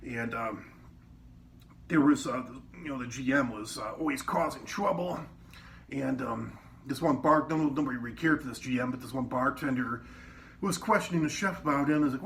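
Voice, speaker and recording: Swearing freely, a former cook meanders through casual tales of his old kitchen job and shouts out other people's lines when quoting them. His mid-range voice is a bit bright and keeps a moderate pace. The mic is distant, with faint background noise.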